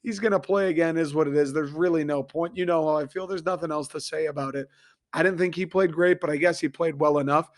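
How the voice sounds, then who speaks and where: A young man from Michigan, hoarse and a little raspy, ranting profanely and excitably as he hosts a casual sports talk show. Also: a little high, fast talker. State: hoarse after a concert. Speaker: sports podcast host.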